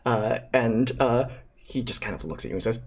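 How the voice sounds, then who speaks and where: A man narrating as game master, improvising with frequent pauses and fillers. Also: medium pitch.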